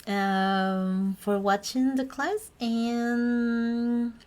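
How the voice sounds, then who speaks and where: Slow-speaking woman teacher. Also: on the high side, steady tone, a little mellow. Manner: chatty, self-correcting, laughs between points. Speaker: Spanish teacher. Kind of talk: informal language lesson.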